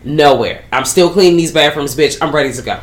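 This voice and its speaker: A woman's voice: low voice, brisk, lightly acted. A woman voicing a weary female servant who is fed up with her master, talking in sassy, exasperated slang. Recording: roomy echo.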